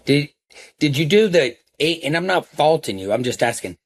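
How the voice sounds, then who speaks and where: A man co-hosting a podcast in casual chat, asking probing questions and gently teasing. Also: a little high, sing-song, normal speed, no echo. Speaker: podcast co-host.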